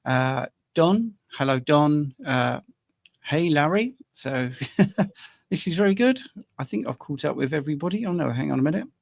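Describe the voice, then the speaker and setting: A man's voice: fairly high pitch, expressive, moderate pace, creaky, no echo. An older man from the UK hosting a live online Q&A, chatting casually and reading out viewer comments into a desk microphone. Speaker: host. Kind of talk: live stream Q&A chat.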